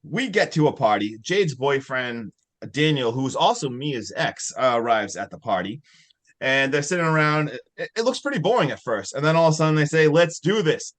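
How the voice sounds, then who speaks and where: A man hosting a podcast, retelling a film plot in a loose, excitable way and swearing casually. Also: mid-range voice, moderate pace. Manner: excitable storytelling, loose and profane. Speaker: podcast host. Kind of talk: casual movie recap.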